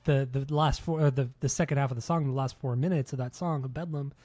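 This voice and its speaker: A man's voice: mid-range voice, fairly even intonation, quick pace, mellow, no room sound. A man co-hosting a podcast, chatting casually about music with enthusiasm, swearing often and restarting his words. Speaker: podcast co-host.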